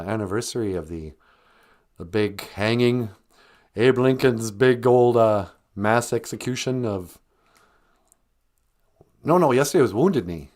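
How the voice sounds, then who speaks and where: A man's voice: medium pitch, darkish tone. A middle-aged man, hosting a casual livestream podcast, joking with viewers and slipping into silly voices. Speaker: podcast host.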